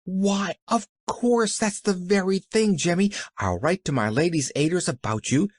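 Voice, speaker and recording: A man's voice: high-pitched, unhurried, no room sound, clean studio sound, voice pushed up. A man voicing an eager, cheerful little girl who rambles breathlessly.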